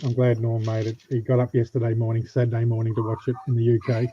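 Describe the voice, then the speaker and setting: Relaxed man on a dull lo-fi line. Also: medium pitch, fast talker, crowd noise. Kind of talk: casual live chat. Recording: dull lo-fi sound.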